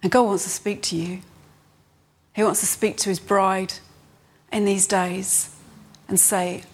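A woman preaching a sermon, earnest, rising in pitch on emphasis and slowing down to read scripture. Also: level tone.

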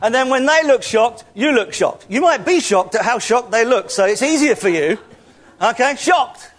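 High-voiced, playful church speaker. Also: male voice, animated, normal speed. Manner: playful, joking, calls out loudly to the room. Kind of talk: interactive sermon with the congregation.

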